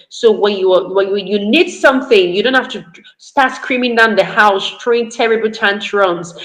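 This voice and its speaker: Woman, parenting educator, earnest repeating delivery, echoey video-call sound. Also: mid-range voice. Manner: earnest, repeats points for emphasis. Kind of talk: online parenting talk. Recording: roomy echo.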